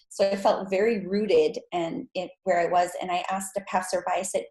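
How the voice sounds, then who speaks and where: A woman telling a personal story as a podcast guest, with lively, high-pitched acted-out quotes. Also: normal speed, hardly any pauses. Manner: animated, acts out quotes in high voice. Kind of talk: casual storytelling interview. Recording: echoey room.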